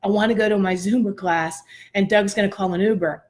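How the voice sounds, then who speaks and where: A woman hosts a casual talk show and tells a personal story with plenty of animation. Her voice sits at an ordinary middle pitch, and she laughs easily as she goes. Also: brisk. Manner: animated, expressive, laughs often. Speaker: host.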